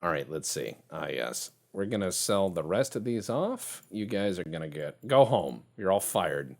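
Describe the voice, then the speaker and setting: A man with a low voice gives casual gameplay commentary, joking around and laughing often. His pitch swings widely as he talks. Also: big pitch swings, unhurried, vocal fry, hardly any pauses, a little mellow. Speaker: game streamer.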